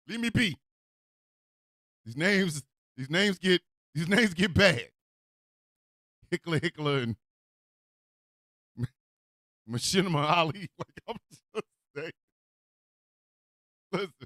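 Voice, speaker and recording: A male radio host ranting in a comedic style, excitable, swearing and often shouting. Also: high-pitched, slow, long pauses, dry recording, studio quality.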